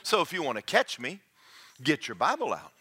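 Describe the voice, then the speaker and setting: Male preacher, forceful bright delivery, wide swings in pitch, jokey and engaging with the congregation. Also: normal speed, husky. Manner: animated, jokey, checks in with the congregation. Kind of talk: sermon.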